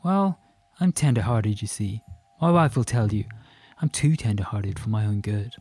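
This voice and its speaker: A man voicing a stocky, white-haired Irish man in his fifties with an Irish accent, effusive and boastful, talking fast. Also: on the low side, animated, darkish tone, husky, dry recording, soft background music. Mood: boastful chatty. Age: 50s.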